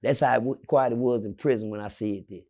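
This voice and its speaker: A man telling a long prison story as an interview guest, swinging from loud shouts down to low murmurs and cursing freely. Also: fairly even intonation, fairly quick. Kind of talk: animated storytelling.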